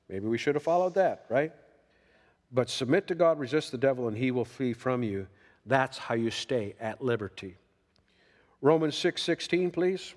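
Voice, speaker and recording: A man's voice: mid-range voice, lively intonation, moderate pace, big-room sound. A man preaching a sermon in a folksy way, reading scripture and acting out quoted voices. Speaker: pastor.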